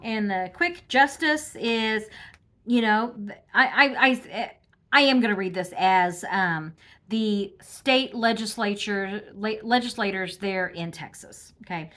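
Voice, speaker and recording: A woman's voice: mid-range voice, slow pace, fairly bright tone. A woman reading tarot cards on camera, talking casually in a snarky, laughing way, with frequent ums and restarts. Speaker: tarot reader. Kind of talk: casual political tarot commentary.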